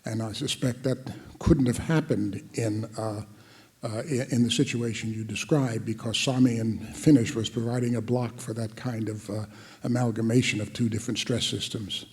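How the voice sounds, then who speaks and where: A man's voice: medium pitch, steady tone, moderate pace, darkish tone, husky. A man in the audience making a short, hesitant comment from the floor. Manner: hesitant, with uh fillers.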